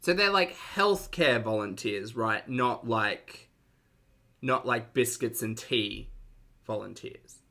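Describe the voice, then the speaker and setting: A man's voice: medium pitch, takes it slowly, pushed and bright. A man with an Australian accent, giving sarcastic, chatty reaction commentary on a live stream and reading out chat messages.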